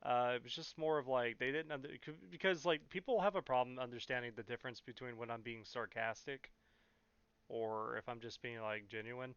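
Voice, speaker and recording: A young man in California talks briskly through a loose Q&A vlog, full of filler words and blunt profanity. His mid-range voice is a bit bright, clear and resonant, captured in a dry recording that sounds dull and muffled.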